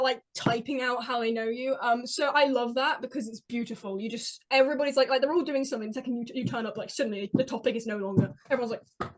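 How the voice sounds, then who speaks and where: A woman telling stories in an excitable, rambling way on a podcast, with many restarts. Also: high-pitched, quick pace. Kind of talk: casual chat, rambling storytelling. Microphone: podcast mic.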